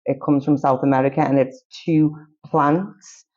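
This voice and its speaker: Guy with a higher voice, rambly, lots of likes and ums, dull lo-fi audio. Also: fairly even intonation, moderate pace. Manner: rambling, many fillers and restarts. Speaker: podcast guest. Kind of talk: casual chat. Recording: dull lo-fi recording.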